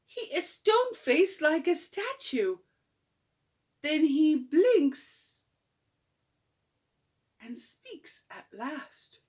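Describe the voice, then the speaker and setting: A grandmother reads a rhyming picture book at an easy, unhurried pace. Her pitch sits on the high side and swings widely. She stops often for chuckling asides to the young listener. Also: sing-song. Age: older. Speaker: grandmother reading to children. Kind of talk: picture-book read-aloud.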